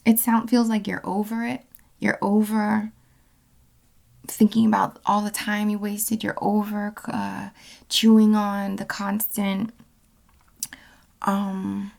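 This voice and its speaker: A woman talks through a tarot reading in a loose, rambling way, correcting herself often. Her voice has a gravelly fry at a middle pitch, and she slips into a hushed whisper at times. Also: flat delivery, slow pace, pauses often. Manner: rambling, with many fillers and self-corrections. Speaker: tarot card reader.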